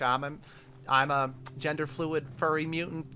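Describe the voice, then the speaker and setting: A man's voice: medium pitch, fairly even intonation, normal speed, bright, forceful tone. Joking male game streamer. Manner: joking, irreverent, self-mocking. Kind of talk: casual gameplay commentary.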